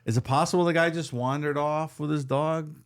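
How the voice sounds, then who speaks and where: A man's voice: fairly high pitch, steady tone, brisk, clean tone. A man co-hosting a casual podcast, chatting in a laid-back, wry way about a case. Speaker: podcast co-host.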